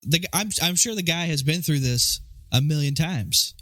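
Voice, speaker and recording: A man's voice: a little high, normal speed, pushed and bright, dry recording, studio quality. A man co-hosting a movie podcast, making wry casual comments on the film. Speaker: podcast co-host. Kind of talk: casual movie-review chat.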